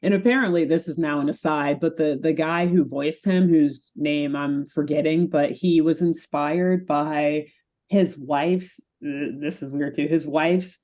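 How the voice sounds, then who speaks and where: A woman's voice: sits low, fairly even intonation, unhurried, darkish tone. A young adult woman co-hosting a podcast in casual chat, talking chattily with lots of fillers and frequent laughs. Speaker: podcast co-host.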